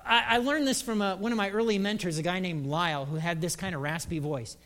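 A male pastor with a high-set voice preaches in a relaxed, joking way, slipping into quick voices now and then. The sound carries a long reverb from the church hall. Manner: humorous, acts out quick voices. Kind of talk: conversational sermon.

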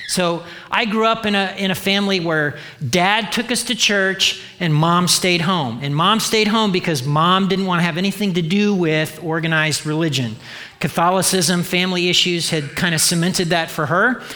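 A man preaches a sermon in a high, bright voice. He tells humorous stories and acts out the dialogue in them. His delivery is animated and playful. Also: normal speed, a little hiss or hum. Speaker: pastor.

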